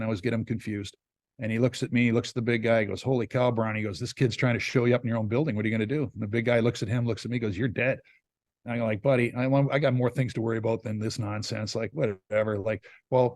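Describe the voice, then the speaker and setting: Man, former hockey player, rapid animated storytelling, dry close sound. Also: mid-range voice, dry recording. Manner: lively, animated anecdote with acted-out quotes. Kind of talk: casual interview storytelling.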